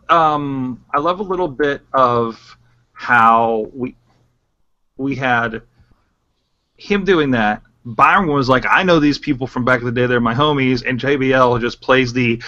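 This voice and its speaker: Male podcast co-host, excitable chatter, dull lo-fi sound. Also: medium pitch, a little slow, dry recording. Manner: animated, excitable, stumbles over words. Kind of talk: casual chat. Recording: muffled lo-fi audio.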